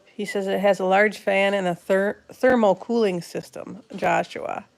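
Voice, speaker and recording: A woman's voice: medium pitch, steady tone, measured pace, gravelly. A woman hosting a casual livestream, reading out viewer comments and repeating words back in a playful, questioning way. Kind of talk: casual live-stream chat.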